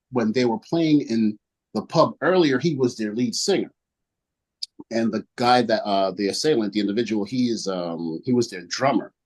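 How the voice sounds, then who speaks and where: Husky young man rambling through testimony. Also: mid-range voice, a little mellow. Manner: rambling storyteller, acts out quotes in other voices. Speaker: witness at a licensing hearing. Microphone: video call.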